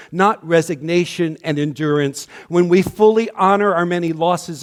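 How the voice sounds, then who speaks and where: A man delivering a sermon as minister, slow and measured, his voice often dropping to a hush at the ends of lines. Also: fairly high pitch, in a large hall. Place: church sanctuary.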